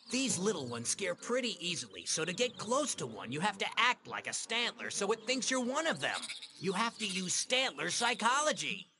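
A man's voice: sits high, noisy background, full character voice. A hammy, lovestruck young guy.

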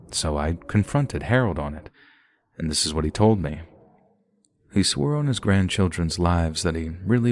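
A man with a very deep voice tells a first-person horror story at a steady, measured pace. The sound is close and dry, with no room around it. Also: no room sound. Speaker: narrator.

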